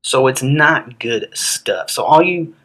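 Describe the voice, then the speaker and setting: A man's voice: mid-range voice, expressive, slow, fairly bright tone, poor audio. A man co-hosting a history podcast in casual chat, blunt and profane, with a sarcastic edge. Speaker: podcast co-host.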